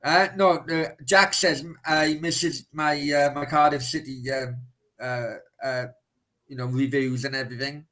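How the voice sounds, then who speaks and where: A man's voice: medium pitch, fairly even intonation, a little slow, fairly bright tone, rough recording. A man hosting a live stream, answering viewer questions in blunt, casual chat and swearing freely.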